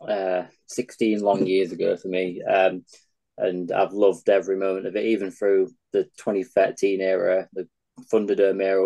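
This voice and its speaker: Low-voiced Yorkshire man, earnest guest. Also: gravelly, mellow, poor audio. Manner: earnest, enthusiastic reminiscing. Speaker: charity founder guest. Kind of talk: casual interview chat.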